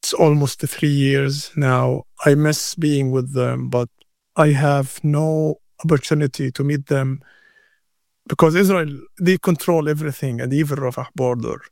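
Slow, gravelly man. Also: fairly high pitch, steady tone, a little mellow, no room sound, clean studio sound. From Gaza. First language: Arabic. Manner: halting, repeats words, earnest. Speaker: interview guest. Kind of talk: emotional interview answer.

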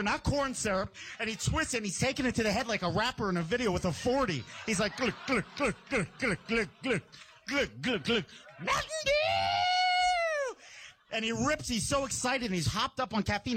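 A man with a high voice works through a stand-up bit, his pitch bouncing all over the place as he acts out the people in his story. He plays the quoted voices squeaky and excitable. Faint noise sits underneath. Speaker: stand-up comedian. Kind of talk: stand-up routine.

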